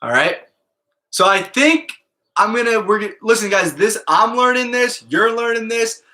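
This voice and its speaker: Male math teacher, upbeat and casual, slightly high bright voice, keeps checking in with students. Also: expressive, moderate pace. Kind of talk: live online class talk to students.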